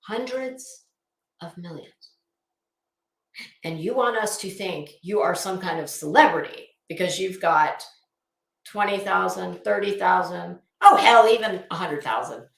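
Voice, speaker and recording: A woman's voice: lowish voice, moderate pace, creaky, a bit bright. A middle-aged woman giving a casual, blunt and profane rant as a YouTube commentator, heavy on sarcasm. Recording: roomy echo.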